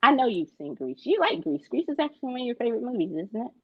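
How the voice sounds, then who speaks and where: A man's voice: very high voice, sing-song, quick pace, no room sound, muffled recording. A male co-host chatting casually about pop culture news, playful and teasing, with many fillers.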